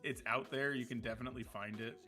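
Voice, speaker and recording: Bright, joking young man. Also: mid-range voice, steady tone, fast talker, soft background music. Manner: joking, laughs often, swears. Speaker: streamer. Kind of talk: casual chat.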